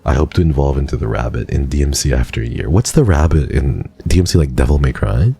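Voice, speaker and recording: A Canadian man in his twenties streams and chats casually with viewers and live chat, rambling with quick restarts. His very deep voice has lively intonation, gravelly and mellow yet slightly rough.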